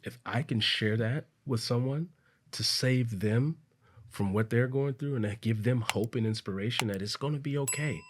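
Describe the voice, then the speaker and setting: A man's voice: moderate pace, slight background noise. A man, a podcast guest telling a personal story in an earnest, casual way. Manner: earnest, acts out quoted voices, low and soft at emotional points. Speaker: podcast guest, business coach.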